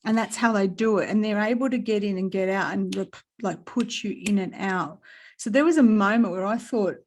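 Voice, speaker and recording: An Australian woman sits in a relaxed spiritual chat and tells her story with lots of energy. She swears freely and laughs often, and her voice rises and falls in a lively way. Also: medium pitch, moderate pace. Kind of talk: casual spiritual conversation.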